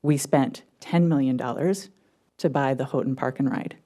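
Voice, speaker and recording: Male public commenter, argumentative, cites numbers; warm, darker tone. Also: medium pitch, moderate pace. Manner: argumentative, citing figures. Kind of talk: public comment at a city council meeting.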